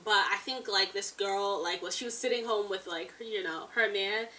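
A woman's voice: mid-range voice, moderate pace, pushed and bright, distant mic, a little hiss or hum. A woman in her twenties co-hosting a podcast, chatting casually and animatedly, laughing often and saying "like" a lot. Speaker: podcast co-host. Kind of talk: casual chat.

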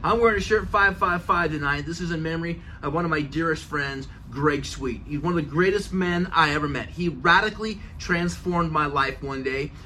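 Forceful, emphatic motivational male host. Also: on the high side, moderate pace, few pauses, slight background noise. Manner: earnest, emphatic, repeats phrases for effect. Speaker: podcast host. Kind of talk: motivational talk.

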